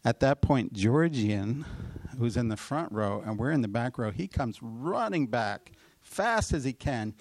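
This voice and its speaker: A middle-aged man, a pastor, telling a personal story in a sermon, with loud emotional peaks and quick asides. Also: mid-range voice, lively intonation, no echo. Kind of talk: sermon testimony.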